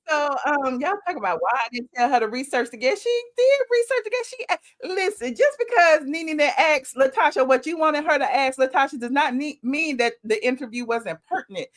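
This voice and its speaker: A woman's voice: sits high, fairly bright tone. A woman hosting a live-stream commentary show, talking in a sassy, emphatic way straight to her viewers.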